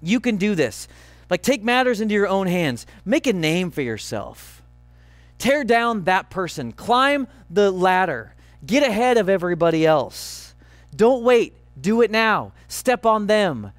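Male pastor, sermon delivery, emphatic and earnest, high voice, dry sound. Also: big pitch swings, no room sound, soft background music. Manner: earnest, emphatic, slowing on key phrases.

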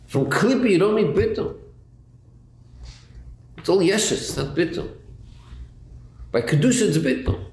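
A man gives a lively Torah lecture in a fairly high, gravelly voice that rises and falls a lot. He asks himself questions and restarts phrases as he thinks. The recording is roomy, with a faint hiss behind him. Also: a little slow, long pauses. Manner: animated, rhetorical questions, repeats words while thinking. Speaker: Torah teacher. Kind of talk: Chassidus class lecture. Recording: echoey room with faint noise.

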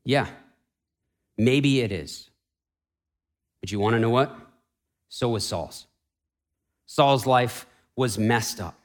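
A man preaching a Sunday sermon in a church sanctuary, shifting between raised, urgent declarations and hushed, pleading passages. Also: medium pitch, slow, pauses often. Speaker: pastor.

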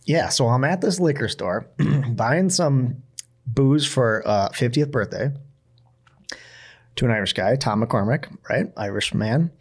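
A man's voice: medium pitch, a little slow, husky. A man hosts a casual podcast in an ordinary mid-range voice. He tells his stories with animation and acts out what other people said. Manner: animated storyteller, acts out quotes. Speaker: podcast host. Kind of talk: casual chat, storytelling.

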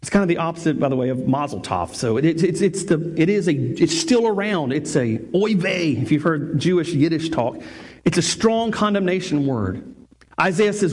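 A male pastor delivers a sermon to his church in a high, carrying voice. He preaches emphatically, circling back to repeat key phrases and restarting sentences as he builds his point. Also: lively intonation, normal speed, pauses often, a little mellow, husky.

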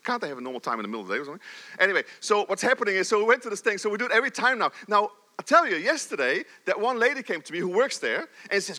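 A middle-aged man preaching a sermon in a church, animated, swinging between loud emphasis and soft, low asides. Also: very fast. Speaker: pastor.

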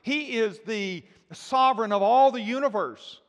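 An older man, a grandfather, preaching a sermon with emphatic declarations that drop to hushed, intimate asides. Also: high-pitched, unhurried, in a large hall. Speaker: pastor.

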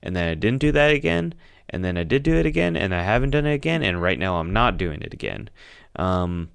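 A man's voice: fairly low pitch, sing-song, fairly quick, gravelly, clean tone, dry recording, clean studio sound. A man co-hosting a podcast, talking casually and animatedly and often repeating words as he thinks. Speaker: podcast co-host. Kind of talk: casual chat.

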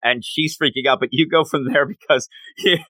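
Man, co-host, high-ish bright voice, bouncy delivery, dry close sound. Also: a little fast, no echo. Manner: animated, giggly, acts out quotes. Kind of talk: casual chat recapping a comic.

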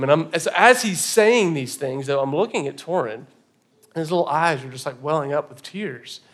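Male pastor, 30s, high-ish voice, animated sermon storyteller. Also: moderate pace. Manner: animated storytelling, acting out scenes, swinging from soft to loud. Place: church stage.

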